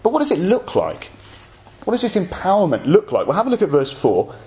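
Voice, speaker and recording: A man's voice: sits high, huge pitch swings, a little fast, warm tone. A man preaching an evening sermon, explaining scripture with jokey asides to his congregation.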